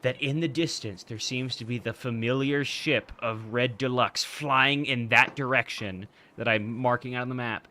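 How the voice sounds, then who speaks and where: A man's voice: medium pitch, moderate pace, hardly any pauses, sharp tone. A man narrating as game master for a tabletop game, jokey and laughing often.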